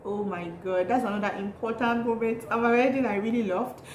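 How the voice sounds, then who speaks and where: A woman's voice: on the high side, fairly even intonation, fairly quick, a little mellow. A young Nigerian woman vlogging in a bubbly, chatty way, laughing often as she tells a story. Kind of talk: casual chatty vlog. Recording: roomy echo, faint noise.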